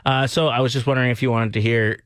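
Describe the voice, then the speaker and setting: A man's voice: mid-range voice, steady tone, fast talker, a bit bright, no room sound, clean studio sound. A man hosting a radio morning show, bantering in a casual, joking, upbeat way with his co-host. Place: radio studio. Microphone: studio mic.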